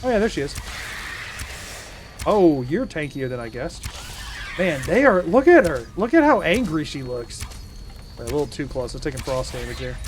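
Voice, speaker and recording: A man with a fairly high, bouncy voice keeps up casual gameplay commentary. He jokes and talks straight to his chat. His pitch swings a lot as he reacts. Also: sing-song, normal speed, pauses often, a little hiss or hum. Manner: playful, jokey, talks to chat. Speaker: streamer.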